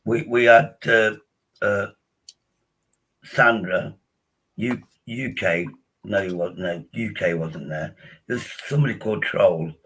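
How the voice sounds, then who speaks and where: A man hosts a casual livestream. His voice is low and husky, with a bright, forceful edge. He rambles, restarts often and tells crude jokes. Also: slow pace, long pauses, low-quality recording. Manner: rambling, restarts a lot, bawdy humour. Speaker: livestream host.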